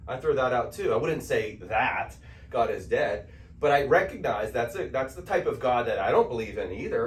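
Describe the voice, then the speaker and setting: A man's voice: medium pitch, a little hiss or hum. A man giving a conversational spiritual lecture to an audience, often checking in with "okay?". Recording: echoey room, mic at a distance.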